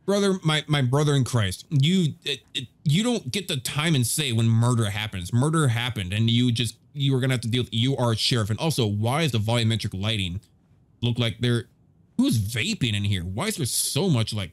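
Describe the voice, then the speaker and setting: A goofy gaming streamer, a man riffing over his game in a casual let's-play. His pitch swings widely as he jokes and stammers through asides. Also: animated, normal speed.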